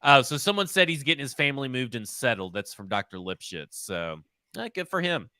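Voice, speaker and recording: Bright, blunt male podcast host. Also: medium pitch, big pitch swings, a little fast, dry recording, clean studio sound. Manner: blunt, joking, swears freely. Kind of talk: casual sports podcast chat.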